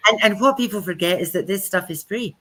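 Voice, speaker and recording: A chatty woman co-hosts a casual live stream. She tells lively anecdotes and slips into voices when she quotes people. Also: medium pitch, a little fast. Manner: chatty storyteller who acts out quoted speech. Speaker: co-host of a live spiritual chat stream.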